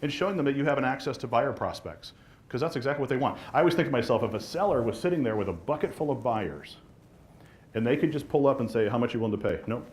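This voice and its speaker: Man, real estate instructor, live class, rapid delivery, mid-pitched voice, plays out dialogue. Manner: fast, animated, acts out quoted dialogue. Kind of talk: live class talk to a room of agents.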